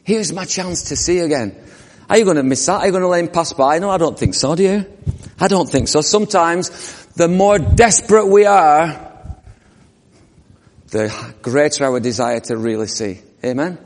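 Man, preacher, fairly high voice, storytelling sermon, long hall reverb. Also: moderate pace. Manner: storytelling, asks the congregation questions.

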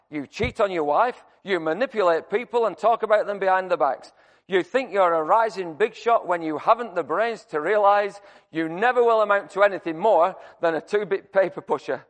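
A man voicing a sharp-tongued elderly woman witness who scolds a lawyer, in a church hall with long reverb. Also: sits high, lively intonation, moderate pace. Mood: scolding. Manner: blunt, scolding.

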